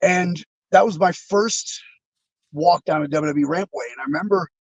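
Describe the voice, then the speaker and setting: A man's voice: fairly high pitch, normal speed, dry recording, rough recording. A man being interviewed over a video call, telling rambling, reflective stories with many fillers and restarts. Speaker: interview guest, former wrestler. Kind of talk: casual storytelling.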